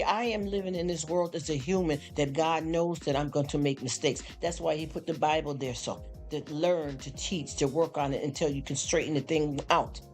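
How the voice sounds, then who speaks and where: Brief: weary host, mid-pitched voice, loose rambling faith chat over soft music. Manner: rambling, repeats "you understand?". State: tired after a long work shift. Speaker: live streamer. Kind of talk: casual spoken faith talk to a live chat. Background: faint background music.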